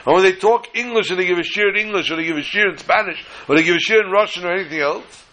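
A man's voice: high-pitched, fast talker, bright, forceful tone, poor audio. A man giving an earnest Torah lecture, mixing in Hebrew and Yiddish terms and telling a story.

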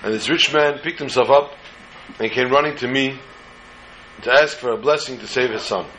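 A man's voice: medium pitch, normal speed, fairly bright tone, slight background noise, poor audio. Man telling a religious tale casually. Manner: informal, digressive, joking asides. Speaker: storyteller.

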